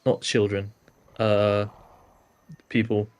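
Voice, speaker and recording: A man playing a tabletop game, describing his character's actions in a halting way with frequent pauses. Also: lowish voice, level tone, darkish tone, clean tone. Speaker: player. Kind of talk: casual tabletop chat.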